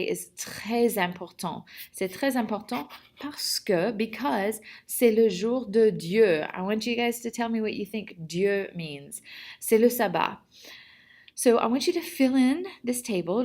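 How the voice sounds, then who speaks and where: A woman's voice: medium pitch, vocal fry. A woman teaching a recorded French lesson to middle schoolers, chatty and encouraging, modelling words for students to repeat. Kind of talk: recorded classroom video lesson.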